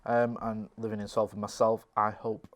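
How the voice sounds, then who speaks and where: A man's voice: lowish voice, normal speed. A man, a podcast co-host and former local radio reporter, chatting casually and acting out quotes as he tells stories. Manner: animated storyteller who acts out quotes. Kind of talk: casual chat.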